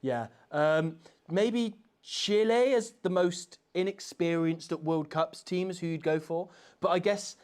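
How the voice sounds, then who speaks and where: A man's voice: high-pitched, a little slow, a little mellow, clear, resonant tone. A man co-hosting a live reaction stream, chatting casually and agreeably as he reads out questions from the chat. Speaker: co-host of a rugby channel.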